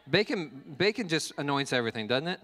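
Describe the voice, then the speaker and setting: A male pastor giving a relaxed, conversational sermon with jokes and restarts. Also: a little high, a little fast, long reverb tail, a faint crowd. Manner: casual, joking, fond of fillers and restarts.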